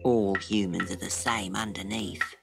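A woman voicing a gentle, protective mother kangaroo in a storybook, speaking low, breathy and hushed. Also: fairly even intonation, measured pace, background noise, exaggerated voice. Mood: grave.

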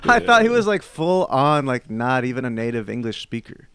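A young man co-hosting a podcast, excitable and jokey, swearing freely in casual chat. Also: mid-range voice, moderate pace, clean tone, no echo. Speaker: podcast co-host.

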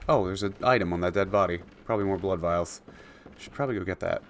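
A man's voice: low voice, fast, slight background noise. A man giving casual commentary while playing a video game, chatting to the creatures on screen and chuckling often. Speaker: let's play gamer.

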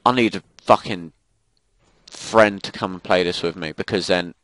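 Young guy raging at a shooter, sweary rants, lowish voice, dry close sound. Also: normal speed, fairly bright tone, dry recording. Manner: swearing, ranting, frustrated outbursts. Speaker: gaming commentator. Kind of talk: live gameplay commentary.

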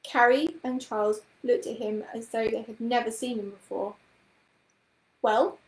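A woman reads a children's storybook aloud in a calm, even way. Her voice sits a little high, and the room gives it a noticeable echo. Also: normal speed, slight background noise. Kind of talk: children's book read-aloud. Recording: roomy echoing room.

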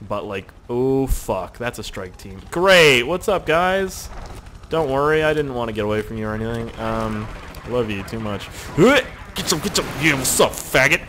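A man narrates his video game play in a loose, joking stream of commentary, cursing freely and getting worked up easily. His pitch swings widely from phrase to phrase. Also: moderate pace, a little hiss or hum. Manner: excitable, profane, joking running commentary. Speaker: gaming commentator.

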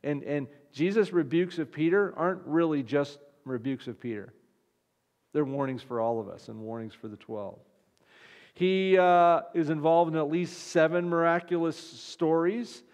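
A man's voice: a little high, normal speed, darkish tone. A man, a pastor, preaching a conversational sermon with frequent restarts. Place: church. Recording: long reverb of a church hall.

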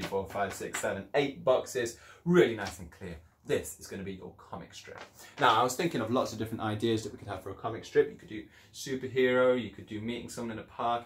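A man's voice: medium pitch, roomy sound, slight background noise. A man teaching children an English lesson in a chatty, encouraging way, explaining things step by step. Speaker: primary school teacher.

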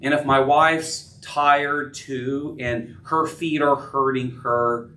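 A middle-aged man preaching a sermon as pastor, earnest, rising and dropping in pitch and loudness. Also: steady tone, takes it slowly, few pauses, slight background noise. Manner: earnest preaching, rises and drops in pitch and volume. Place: church sanctuary. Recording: echoey room, voice from a distance.

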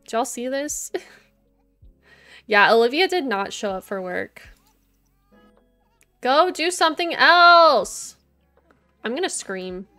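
Young woman streaming, kinda high voice, chatty + giggly, talks to chat and her sims. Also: very animated, unhurried, pauses often. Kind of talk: casual gameplay chat. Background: soft game music.

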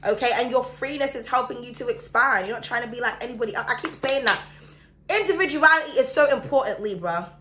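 A woman giving a chatty, excitable tarot reading to her viewers, her throat sore and coughing now and then. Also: a little high, quick pace, background noise. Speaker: tarot reader. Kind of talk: casual astrology reading to camera.

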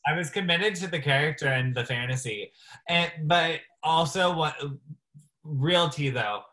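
A man's voice: fairly high pitch, unhurried, bright, forceful tone, a little hiss or hum, poor audio. A man appearing as a drag performer guest in a casual interview, telling stories in a chatty way and filling them with "like.". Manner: chatty storyteller, frequent "like".

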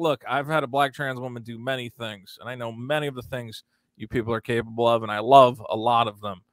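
A man's voice: mid-range voice, fairly even intonation, a little fast, a bit bright, dry recording, clean studio sound. A man, a comedian guest in a casual interview, talking in a sardonic, joking way. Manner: sardonic, joking, quotes people in mocking voices.

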